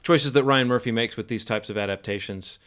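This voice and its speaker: A man's voice: medium pitch, fairly quick, smooth. A man hosting a podcast, talking casually and joking about a lost recording. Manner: relaxed, rambling, joking. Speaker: podcast host. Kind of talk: casual chat.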